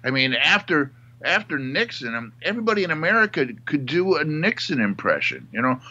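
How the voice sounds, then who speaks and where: Man, comedian guest, hesitant, animated pitch, muffled lo-fi sound. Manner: hesitant, halting. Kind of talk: casual chat. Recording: dull lo-fi audio.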